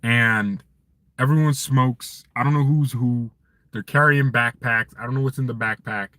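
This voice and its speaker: A man hosting a fan channel live stream from his parked car, chatting casually with viewers in an animated, joking, ranting way. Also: medium pitch, moderate pace, dry recording.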